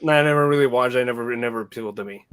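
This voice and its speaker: A man's voice: mid-range voice, very fast, clean tone, dry recording. Male podcast co-host, blunt and foul-mouthed, casual chat, mid-range voice. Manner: blunt, swears freely.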